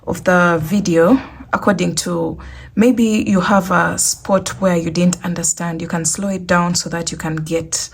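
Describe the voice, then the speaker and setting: Low gravelly woman explaining. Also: steady tone, unhurried. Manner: chatty, repeats instructions. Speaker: crochet tutorial host. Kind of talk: casual screen tutorial.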